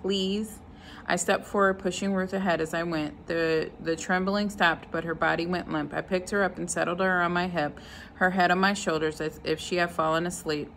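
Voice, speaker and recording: Woman reader, low voice, steady read-aloud of a novel. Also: vocal fry, a little hiss or hum, rough recording. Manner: unhurried, stops to comment on the story.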